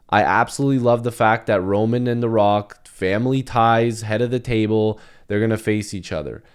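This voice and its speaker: A man's voice: on the low side, a little mellow. A man hosting his own channel, giving a passionate, emphatic opinion monologue in casual talk. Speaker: wrestling commentary channel host.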